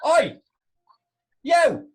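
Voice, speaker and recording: A man's voice: a little high, sing-song, brisk, darkish tone, husky. A man voicing an officious, stubborn male car park attendant who barks curt orders. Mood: barking.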